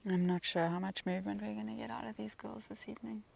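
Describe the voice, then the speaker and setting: A woman's voice: mid-range voice, steady tone, quick pace, creaky, darkish tone, a little hiss or hum. A woman presenting a live safari broadcast, chatting easily and reading out viewer comments with a laugh.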